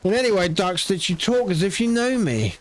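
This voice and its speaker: A man's voice: high-pitched, big pitch swings, a little fast, a little hiss or hum. A man casually commentating his gameplay, joking, swearing freely and slipping into silly voices. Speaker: gameplay streamer. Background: game music.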